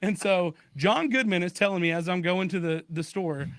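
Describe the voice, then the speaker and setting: A man co-hosting a podcast, telling a funny story in a casual, animated way and laughing along as he goes. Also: high-pitched, moderate pace, no echo, studio quality. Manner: animated, laughs through his own story. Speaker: podcast co-host.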